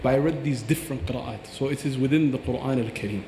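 A man's voice: medium pitch, fast talker, warm tone, echoey room, long reverb tail, a little hiss or hum. A man teaching about Quran recitation on a podcast, earnest and explanatory, demonstrating pronunciations aloud.

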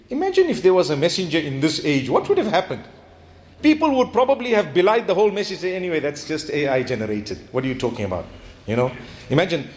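A high-voiced man talks as an imam on a religious radio programme. He speaks earnestly and reflectively, often asking his listeners questions. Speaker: imam giving a radio talk.

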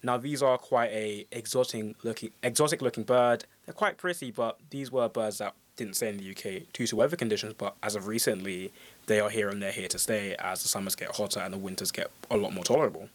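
A man co-hosting a casual discussion, explaining points in a steady way. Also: fairly low pitch, fast talker.

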